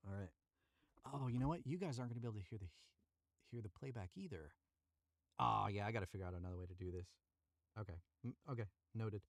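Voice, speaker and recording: Gravelly low-voiced man narrating a story. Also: no room sound, clean studio sound. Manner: chatty, self-correcting, retakes lines. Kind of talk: story reading on a live stream. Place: cramped booth.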